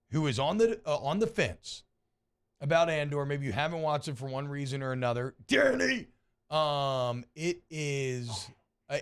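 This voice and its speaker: A man hosting a sports radio show, chatting casually and enthusiastically with restarts. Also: fairly high pitch.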